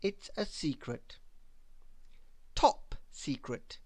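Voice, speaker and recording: A good-humoured male character from a children's storybook who teases and keeps a secret, as a woman reading aloud puts him on. His voice sits a little lower, slow and amused, with a lively swinging pitch, in a dry, close recording. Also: husky, no room sound, full character voice. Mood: teasing. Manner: amused, teasing.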